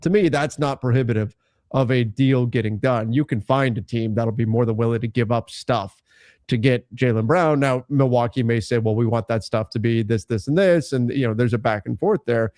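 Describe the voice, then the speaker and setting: A man co-hosting a casual basketball podcast, talking in an animated, teasing way. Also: medium pitch, normal speed, dry recording, clean studio sound. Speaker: co-host.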